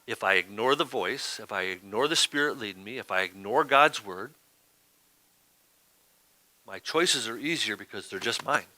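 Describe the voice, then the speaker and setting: A man's voice: lowish voice, expressive, normal speed, pauses often, pushed and bright. A man preaching a sermon as pastor, talking in a conversational way and often asking "right?".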